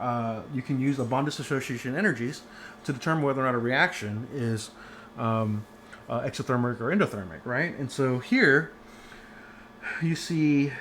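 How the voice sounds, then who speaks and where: A man's voice: medium pitch, a bit bright, a little hiss or hum. A man giving a casual online chemistry lecture from home, chatty and rambling with many fillers and restarts.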